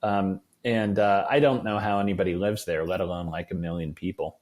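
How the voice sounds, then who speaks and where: Man telling animated stories as a guest. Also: deep voice, brisk. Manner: animated anecdotal storytelling. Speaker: guest author. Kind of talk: casual podcast conversation.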